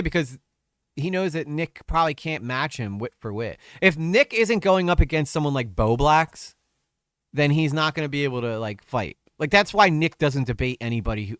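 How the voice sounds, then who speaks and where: A man's voice: mid-range voice, fairly bright tone, no echo, clean studio sound. A man commenting on a stream, crude and exasperated, mocking what he reads.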